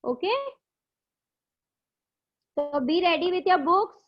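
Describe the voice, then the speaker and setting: A woman's voice: very high voice, slow pace, faint music behind. A woman school teacher with an Indian English accent, teaching an online class and patiently repeating her questions. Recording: dull lo-fi online class audio.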